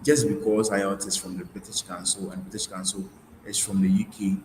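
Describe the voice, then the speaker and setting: A man's voice: sits low, level tone, normal speed, echoey room, slight background noise, rough recording. A male tutor giving a webinar lecture, repeating key points and often restarting with fillers. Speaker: IELTS tutor.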